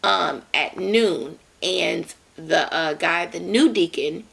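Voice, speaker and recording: A young adult woman vlogger telling a story casually, in an animated way with lots of fillers and repeated words. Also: fairly low pitch, slow, vocal fry, slightly rough.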